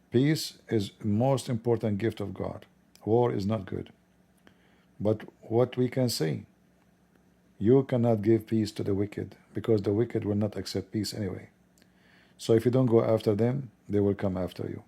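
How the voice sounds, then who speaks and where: A hoarse man talks in loose, rambling commentary and chuckles at his own mocking asides. His voice is gravelly and husky, with a dark, mellow tone. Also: fairly low pitch. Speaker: online commentator. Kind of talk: casual spoken commentary.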